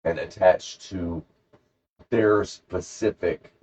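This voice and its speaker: A man's voice: low-pitched, steady tone, slow, darkish tone, slight background noise. A man co-hosting a podcast who tells a rambling, jokey story in casual chat. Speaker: podcast co-host. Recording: dull lo-fi podcast recording.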